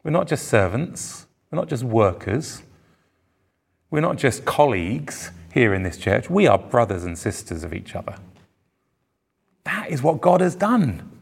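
A man delivers a sermon in a church venue, his voice gravelly with fry. His preaching is earnest and emphatic, rising on the words he wants to land. He speaks into a microphone for a live congregation. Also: mid-range voice, sing-song, a little slow. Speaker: pastor.

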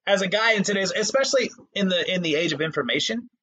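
Husky, lively-voiced man in casual chat. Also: high voice, quick pace. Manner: profane, animated storyteller. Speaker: podcast co-host.

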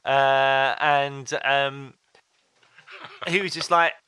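A man's voice: mid-range voice, steady tone, drawn-out words, bright, forceful tone, smooth, dry recording. A man co-hosting a podcast, telling stories in a chatty, casual way with fillers and quoted asides. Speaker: podcast co-host. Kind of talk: casual chat.

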